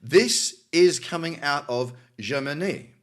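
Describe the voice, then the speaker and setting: An Australian man hosts a news roundup in a casual, talkative way. His voice sits at an ordinary middle pitch, and he breaks off from reading to add wry, cynical comments. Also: lively intonation, moderate pace, fairly bright tone. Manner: cynical, chatty asides while reading articles. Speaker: crypto news host.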